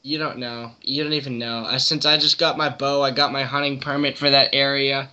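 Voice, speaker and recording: A young man guests on a hunting podcast, rambling easily and saying "dude" often. His voice has a bright, forceful edge. The sound is dull and lo-fi. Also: medium pitch, level tone, brisk. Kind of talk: casual chat. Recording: dull lo-fi audio.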